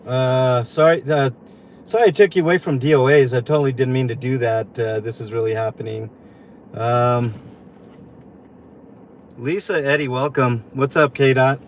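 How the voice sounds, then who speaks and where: A man's voice: mid-range voice, fairly even intonation, a little hiss or hum. Upset man venting on a livestream. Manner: upset, venting, halting with many fillers. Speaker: livestream host. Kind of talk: livestream commentary. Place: inside a vehicle.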